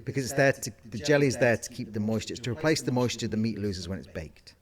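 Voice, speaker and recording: A man's voice: mid-range voice, animated, fast talker, crowd noise. A man co-hosting a casual podcast as a caterer, explaining things in detail with asides and self-corrections. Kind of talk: casual chat.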